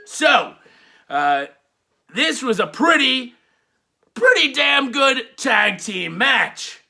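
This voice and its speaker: A rowdy man recapping wrestling for laughs, with a crude streak. His voice sits high with a gravelly edge and a sharp, bright bite. He talks slowly and swoops up and down, hollering his punchlines long and drawn out. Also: sing-song. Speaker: wrestling show reviewer.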